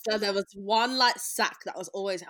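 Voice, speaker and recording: Woman, 20s, casual slangy storyteller, mid pitch, dry close mic. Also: normal speed, no echo. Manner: animated storyteller, slangy, acts out quotes. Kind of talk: casual chat.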